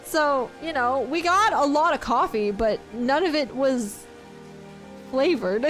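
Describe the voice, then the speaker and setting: Woman, game streamer, casual chatty talk, high-pitched, frequent giggles. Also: animated, slow, a bit bright, faint music behind. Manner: chatty, giggly, reads chat aloud. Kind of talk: casual livestream chat.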